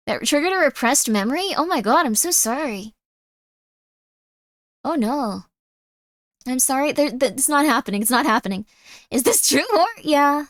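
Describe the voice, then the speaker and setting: A woman's voice: a little high, moderate pace, long pauses, no echo, clean studio sound. A woman streamer chatting casually and bubbly with her viewers on a streaming mic. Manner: bubbly, chatty, reacting to chat.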